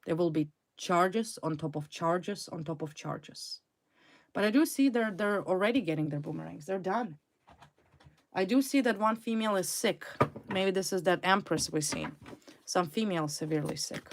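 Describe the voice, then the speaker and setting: A woman's voice: lowish voice, expressive, normal speed. A woman reading tarot cards to a viewer, blunt and emphatic, repeating her points and swearing freely. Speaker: tarot reader.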